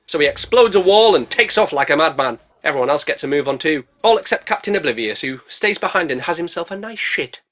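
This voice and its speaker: Sarcastic man, bright voice. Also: fairly high pitch. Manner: sarcastic, jokey, slangy. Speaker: movie reviewer. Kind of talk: comedic movie recap narration.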